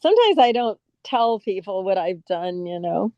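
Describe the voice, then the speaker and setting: A woman's voice: mid-range voice, very animated, moderate pace, dark tone, dry recording. An older woman from California, a guest actress chatting in an interview, who tells stories and laughs often. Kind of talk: casual interview chat. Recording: dull, dry lo-fi sound.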